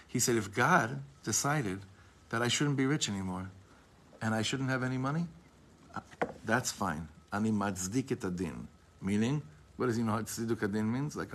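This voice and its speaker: Male teacher, mid-pitched, reads slowly then retells with heat. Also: fairly bright tone. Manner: reads passages slowly, then retells them with rising emotion; frequent restarts and casual asides. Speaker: teacher of a class. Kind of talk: storytelling lesson.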